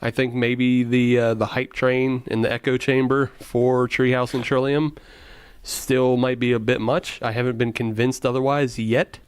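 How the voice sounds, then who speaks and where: A man's voice: mid-range voice, flat delivery, measured pace, smooth, dry recording. A man co-hosting a casual beer-tasting podcast, joking and laughing often. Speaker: podcast co-host.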